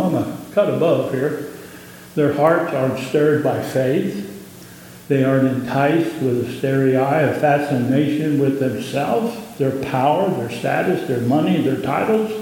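A man with a Southern US accent, a pastor giving an impassioned sermon that rises in pitch on key points. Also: vocal fry, mellow, a little hiss or hum. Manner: impassioned preaching, rising in pitch on emphasis. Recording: echoey hall with long reverb.

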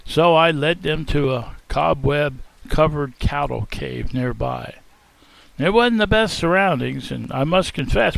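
A man's voice: a little high, creaky, poor audio. A man performing a folksy first-person dramatic monologue, theatrical in manner. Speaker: storyteller in character.

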